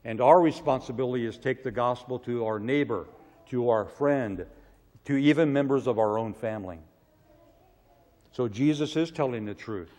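A man preaching a sermon with emphatic delivery, his voice swelling loud and falling low. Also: moderate pace. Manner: emphatic, rising to loud cries on quoted prayers, then dropping low. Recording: long reverb of a large hall.

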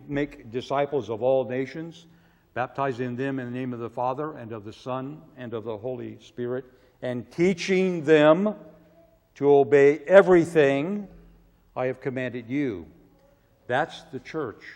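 A man preaching a sermon with emphatic delivery, his voice swelling loud and falling low. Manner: emphatic, rising to loud cries on quoted prayers, then dropping low. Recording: long reverb of a large hall.

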